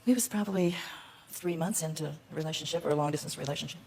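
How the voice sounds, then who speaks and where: A woman's voice: sits low, fast talker, darkish tone. An older woman, a guest on a TV talk show, giving earnest answers to the host's questions.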